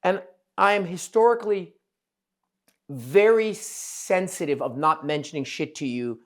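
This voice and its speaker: This podcast host, a plastic surgeon, speaks in a high voice without hurrying. He chats casually and candidly about his patients, dropping swear words and performing the voices of people he quotes.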